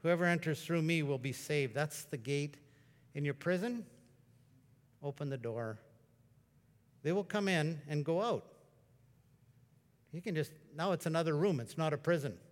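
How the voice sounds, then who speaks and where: A man's voice: fairly high pitch, normal speed, pauses often. Conversational preacher man, reverberant hall. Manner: conversational storytelling preacher, bursts into excited exclamations. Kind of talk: sermon. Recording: long reverb of a large hall.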